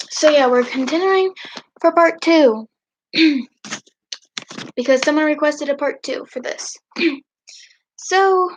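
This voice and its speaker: A woman hosting a livestream, casually reading fanfiction aloud. She breaks in with giggly, chatty asides and clears her throat now and then. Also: sits high, slight background noise. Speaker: livestream host. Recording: dull lo-fi stream audio.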